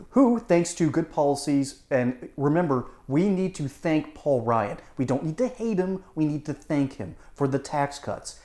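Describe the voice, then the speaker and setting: A man talking politics with a sarcastic edge, chuckling through his points. His voice sits a bit high for a man. The room adds a clear echo around him. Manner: animated, sarcastic, laughs often. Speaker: political commentator. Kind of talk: online political commentary. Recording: roomy echo.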